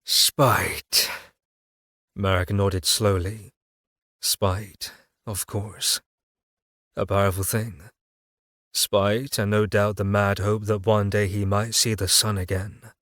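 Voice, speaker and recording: Male audiobook narrator, low voice, measured dark delivery, dry close sound. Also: flat delivery, dry recording.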